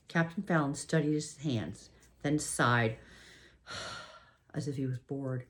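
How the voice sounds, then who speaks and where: A woman narrating a novel in the first person at a measured, steady pace. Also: rumbling low. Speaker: audiobook narrator.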